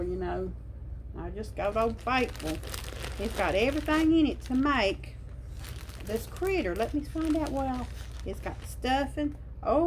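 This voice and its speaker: Slow-talking woman, emotional. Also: mid-range voice, slight background noise. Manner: warm, emotional, slow and drawling with folksy grammar. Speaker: crochet vlogger. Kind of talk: casual unboxing chat.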